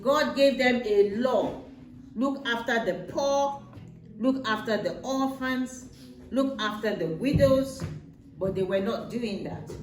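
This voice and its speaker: A woman's voice: a little high, takes it slowly, soft background music. Woman telling a Bible story in a roomy space. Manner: patient, explains with repetition. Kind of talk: simple storytelling for a child. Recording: roomy, distant mic with faint noise.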